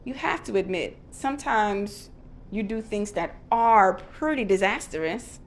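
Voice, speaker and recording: A woman voicing a caring young male lion cub in a storybook read-aloud, gentle and earnest. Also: medium pitch, expressive, measured pace, slight background noise. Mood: concerned.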